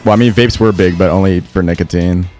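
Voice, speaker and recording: A man's voice: deep voice, steady tone, fast talker, a little mellow, soft background music. A young man telling a story casually on a gaming podcast, swearing freely and often restarting and stammering. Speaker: podcast co-host.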